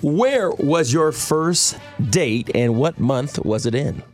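An upbeat man co-hosting a radio show, running a quiz game with couples. His voice sits a little high and swings widely up and down, and he jokes and laughs a lot. Faint music plays under the talk. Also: animated, slow. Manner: upbeat, jokey, laughs often.

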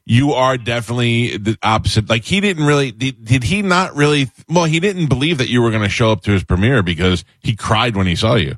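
A man's voice: mid-range voice, fairly quick, few pauses, fairly bright tone, dry recording. A man in his forties hosting a radio show, chatting casually and telling stories bluntly in a radio studio. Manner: chatty storyteller, blunt and grudge-holding. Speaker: radio host. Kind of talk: casual radio interview chat.

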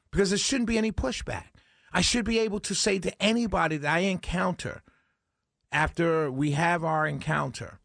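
A man's voice: fairly high pitch, creaky, a bit bright, no room sound. A man hosting a talk radio show, preaching in a monologue full of rhetorical questions and repeated phrases. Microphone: studio microphone.

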